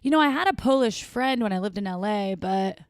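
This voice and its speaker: A woman's voice: medium pitch, lively intonation, brisk, dry recording. A woman co-hosting a casual podcast, chatty and playful, who jokes around with silly accents between topics. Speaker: podcast co-host.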